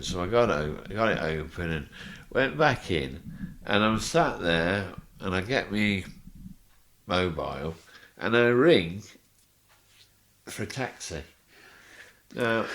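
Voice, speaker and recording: An older man, a guest telling an animated story and acting out the voices in it. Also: low-pitched. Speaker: interview guest. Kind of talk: anecdotal storytelling.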